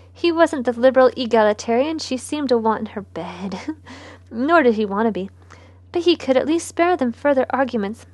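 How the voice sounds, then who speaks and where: A woman narrating a historical romance aloud, her voice soft and sometimes dropping to a whisper. She sits a little higher in pitch than most women. The sound is close and dry with no room. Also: no room sound. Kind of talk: novel read aloud.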